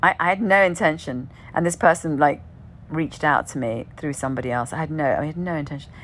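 A woman's voice: low-pitched, a little fast, fairly bright tone. A woman telling a personal story in a casual way. She often asks "right?", swears now and then, and sometimes drops to a whisper at the end of a phrase.

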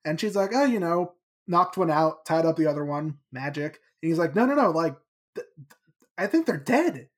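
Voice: medium pitch, lively intonation, moderate pace. A podcast host casually recapping a book chapter in a chatty, playful way.

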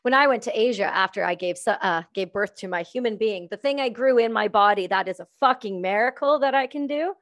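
A woman's voice: mid-range voice, a little fast, hardly any pauses, fairly bright tone. A woman host in casual chat, candid and jokey, swearing freely.

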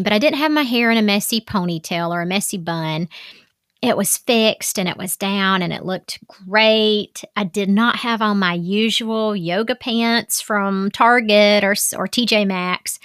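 A woman's voice: medium pitch, fairly bright tone, no echo, studio quality. A middle-aged woman hosting a podcast, talking in a candid, chatty way with asides and fillers. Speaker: podcast host. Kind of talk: casual solo podcast talk.

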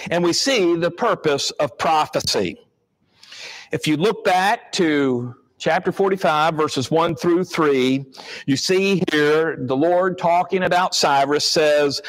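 A man's voice: fairly high pitch, fairly bright tone, poor audio. A man preaching a sermon, reading scripture aloud and explaining it verse by verse.

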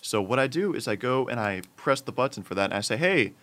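Young man, bright edgy tone, animated storyteller in casual chat. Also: medium pitch, fast talker. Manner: animated, builds up to loud exclamations.

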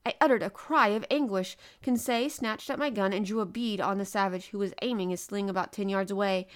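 A woman reading a novel aloud as an audiobook narrator, with a measured, expressive delivery that slows for emphasis. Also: medium pitch.

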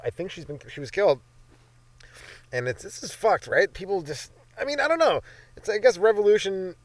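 A man's voice: on the high side, no echo. Profane Canadian man riffing solo. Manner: profane, jumps between bits and silly voices. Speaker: podcast host. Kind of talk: rambling solo comedy monologue.

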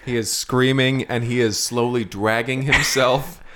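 Male co-host, mid-pitched, playful chatter and quick asides. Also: fairly even intonation, very noisy. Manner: chiming in with jokes, laughing, repeats others' words. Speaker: podcast co-host. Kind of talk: casual chat.

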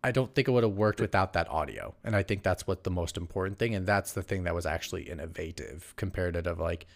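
A man hosting a casual gaming podcast, asking questions and pushing back in a halting way. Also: deep voice, creaky. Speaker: podcast host. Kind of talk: casual chat.

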